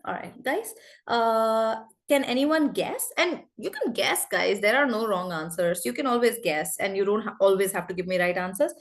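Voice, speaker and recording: A woman in her forties from India, teaching an online spoken English class over a video call in a lively, encouraging way. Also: medium pitch, normal speed. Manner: lively, encouraging, addresses students often.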